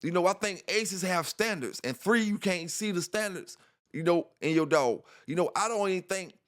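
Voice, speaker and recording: Rambling man with a higher voice. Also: expressive, moderate pace. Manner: rambling, repeats himself, frequent "you know". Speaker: dog channel host. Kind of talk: casual spoken monologue.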